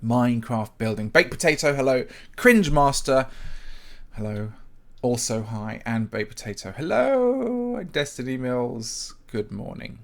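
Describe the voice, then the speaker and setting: A man's voice: mid-range voice, unhurried, a bit bright. A man hosting a casual live stream, chatting with viewers while he builds in Minecraft. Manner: chatty and rambling, greets viewers by name, frequent ums. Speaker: livestream host, Minecraft map builder.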